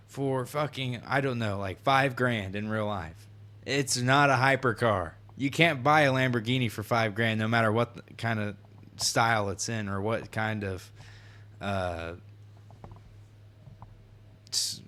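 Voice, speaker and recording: Man, 19, podcast co-host, casual and profane, acts out quotes, mid pitch. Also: unhurried, a bit bright. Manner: laughing, swearing, acting out quotes. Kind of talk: casual chat.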